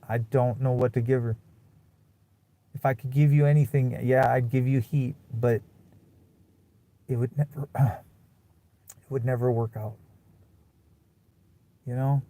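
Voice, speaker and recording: Young man, vlogger type, bitter rant with profane flare-ups, mid-pitched voice. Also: fairly even intonation, unhurried, long pauses, dark tone. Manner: bitter, profane, swings between mutters and angry outbursts. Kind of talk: casual ranting monologue.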